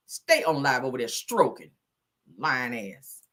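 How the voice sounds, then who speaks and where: A woman hosting a live-stream, giving casual gossip commentary with profane, animated talk and frequent laughter. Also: extremely low pitch, a little slow.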